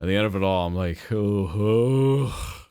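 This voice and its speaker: A young man telling a story in a casual rant, rambling and animated, with swearing and frequent fillers and self-corrections. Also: deep voice, very fast, smooth, no echo, clean studio sound. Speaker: channel host.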